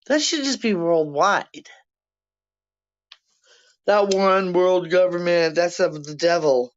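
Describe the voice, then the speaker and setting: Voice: mid-range voice, slow, long pauses. A vlogger in their sixties ranting to camera in a blunt, profane, rambling way from their apartment. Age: 60s. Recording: dull lo-fi sound.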